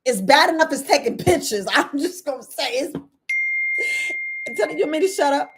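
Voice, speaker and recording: A middle-aged woman herbalist, talking casually to her viewers, animated and laughing often. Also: high voice, moderate pace. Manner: animated, laughing, acts out quoted people in a raised voice. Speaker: herbalist host.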